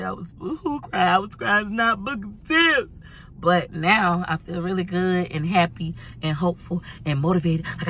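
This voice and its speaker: A woman's voice: on the low side, fairly bright tone, a little hiss or hum. A woman vlogging in casual chat from her van, telling stories in a dramatic, chatty way. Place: parked van at a laundromat.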